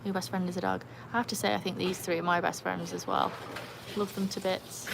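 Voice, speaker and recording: A woman's voice: fairly low pitch, level tone, fairly quick, creaky, background noise. A British woman hosting a casual live stream by a pool, chatting to viewers and her dogs. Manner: chatty, reads out comments, coaxes dogs. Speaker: livestream host with dogs. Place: outdoors by a pool. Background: splashing and dogs barking.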